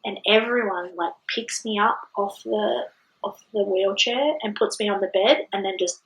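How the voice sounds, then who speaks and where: A young woman telling her birth story on a podcast in a lively, fast, filler-heavy way. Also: mid-range voice, slight background noise, rough recording. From Australia. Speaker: podcast guest. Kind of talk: casual storytelling.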